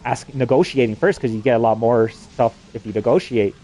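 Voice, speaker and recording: A man's voice: mid-range voice, brisk, mellow. A man from New Mexico delivering an agitated, profanity-laden rambling monologue. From New Mexico, USA.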